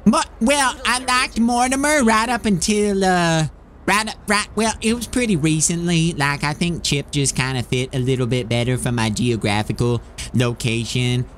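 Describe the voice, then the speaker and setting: A man playing an eager, dim-witted rural young man with a put-on rural American drawl, rambling and excitable in game role-play. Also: fairly high pitch, normal speed, a little hiss or hum, lightly acted.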